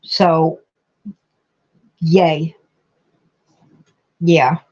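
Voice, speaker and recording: A middle-aged woman chats slowly and fondly with her livestream viewers, calling them honey and getting emotional. Her voice sits a little low, and the stream audio is dull and lo-fi. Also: flat delivery, darkish tone, husky. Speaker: livestream host. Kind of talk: casual chat reading viewer comments.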